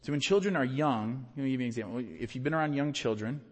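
A man preaching a sermon as a pastor, earnest, rising to emphatic peaks and then dropping low and quiet. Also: quick pace. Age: adult with young children. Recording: reverberant hall.

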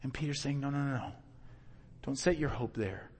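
A man's voice: medium pitch, normal speed, a little mellow, slightly rough, long reverb tail. A man preaching a sermon in a conversational way, acting out the voices of the people he quotes. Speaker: pastor.

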